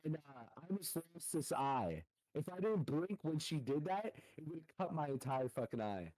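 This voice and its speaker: A young man telling a story on a podcast in a loose, rambling way, calling the others dude. His voice sits a little high and is recorded dry and close, with no room echo. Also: very animated, normal speed, darkish tone. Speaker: podcast co-host. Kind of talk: casual storytelling chat.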